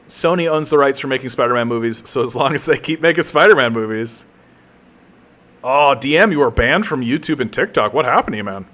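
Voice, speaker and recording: A man's voice: mid-range voice, sharp tone. A man chatting casually while he streams a game, rambling and joking at his own expense with plenty of restarts. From Canada. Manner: rambling, joking, self-mocking, many restarts.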